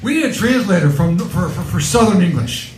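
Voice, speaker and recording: Stand-up comic man, halting delivery; echoey, noisy live room. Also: high-pitched, lively intonation, a little mellow. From Connecticut, USA. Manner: halting, filler-heavy delivery. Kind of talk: stand-up comedy set.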